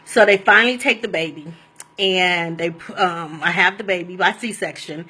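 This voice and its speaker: A woman telling a personal story in a casual, animated and rambling way, often laughing as she goes. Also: lowish voice, normal speed, breathy edge.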